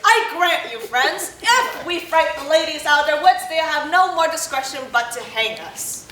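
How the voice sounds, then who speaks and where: A woman's voice: sits high, sing-song, moderate pace, crowd noise. A woman playing a boastful, hammy male weaver who wants every part, declaiming with showy bombast on a college stage. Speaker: stage actor. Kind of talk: live college stage performance. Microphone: distant room mic. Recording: roomy stage audio from far off with faint noise.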